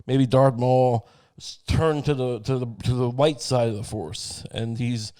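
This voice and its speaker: A man's voice: mid-range voice, fairly even intonation, a little slow, mellow, clean tone. A man hosting a podcast, rambling through a sarcastic, profane comedic monologue. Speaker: podcast host.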